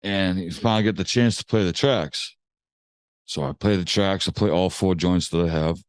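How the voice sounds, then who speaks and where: A man's voice: deep voice, moderate pace, clean tone, no room sound. A man from Massachusetts, a music producer, telling a story in a slangy, laid-back way on a podcast. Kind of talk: casual storytelling interview.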